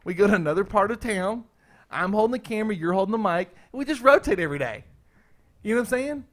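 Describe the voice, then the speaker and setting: Excitable high-voiced man pitching schemes. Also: fast talker. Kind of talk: casual group chat.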